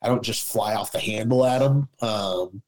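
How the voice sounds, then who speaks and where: A man's voice: fairly low pitch, normal speed, darkish tone, rough recording. Blunt, profane middle-aged man telling stories. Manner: blunt, profane storyteller, acts out dialogue. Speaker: guest, former police officer. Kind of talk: casual podcast chat.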